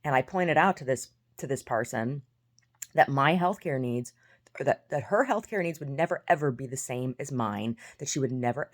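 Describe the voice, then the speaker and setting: An American woman telling stories in a casual, blunt, sarcastic way, swearing, laughing often and restarting her words. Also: low voice. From United States. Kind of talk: casual storytelling monologue.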